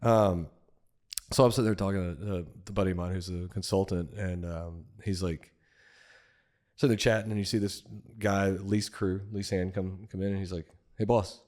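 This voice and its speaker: Low-voiced guy rambling through a work story on a podcast, acts out the other guys' lines, laughs a lot. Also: fairly even intonation, moderate pace, a little mellow. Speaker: podcast co-host, former frac field worker. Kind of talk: casual storytelling chat.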